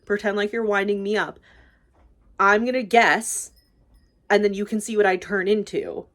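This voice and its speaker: A woman voicing a calm clockwork soldier. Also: mid-range voice, normal speed, lightly acted. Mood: reassuring. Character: calm clockwork soldier robot, steady and reassuring.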